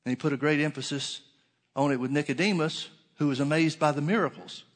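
Earnest preacher man, slightly high voice. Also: fairly even intonation. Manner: slows and stretches scripture quotes for emphasis; earnest, repeats key phrases. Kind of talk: sermon.

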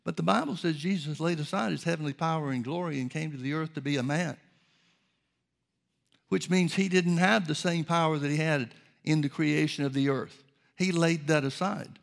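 Male preacher with a gravelly, somewhat high voice, steady sermon delivery with scripture readings. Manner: measured preaching, reads scripture aloud.

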